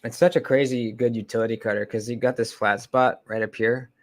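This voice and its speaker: A knife channel host chats on a casual livestream, relaxed and rambling, with frequent pauses, filler words and remarks that trail off. His voice is medium-pitched and sits close to a desk mic.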